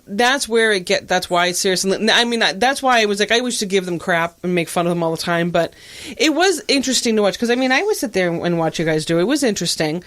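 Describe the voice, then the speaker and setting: Animated, laughing woman podcast host. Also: mid-range voice. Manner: animated storyteller who laughs often. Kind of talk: casual chat.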